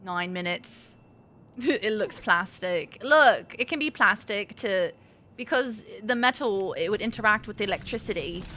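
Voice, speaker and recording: Bright giggly woman streaming a game. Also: mid-range voice, lively intonation, a little slow, a little hiss or hum. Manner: giggly, playful, chatty, greets chat. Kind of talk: casual live-stream chat while playing.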